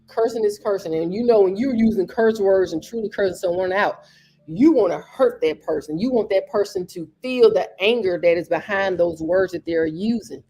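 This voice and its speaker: A woman's voice: medium pitch, normal speed, dark tone, breathy edge. Earnest woman podcast host, repeating for emphasis. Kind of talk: motivational talk.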